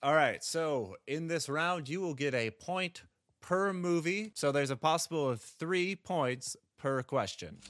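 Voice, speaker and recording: A man runs a casual movie quiz, his voice fairly high and strongly bright. The sound is close and dry. He reads long clue questions, counts down, and calls answers correct or incorrect. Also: expressive, a little slow, no room sound. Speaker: quiz host.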